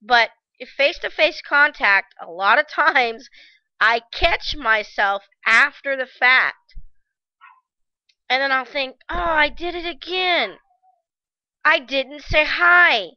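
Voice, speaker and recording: Smooth-voiced woman telling a story haltingly. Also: sits high, expressive, no room sound, lo-fi sound. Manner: halting, reflective, many restarts and fillers. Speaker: vlogger. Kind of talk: personal storytelling to camera.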